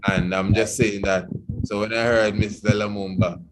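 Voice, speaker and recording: Low-voiced man hosting radio talk. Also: steady tone, moderate pace, over loud music, rough recording. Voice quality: meandering, with frequent "you know". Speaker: radio program host. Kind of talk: reflective radio talk discussion.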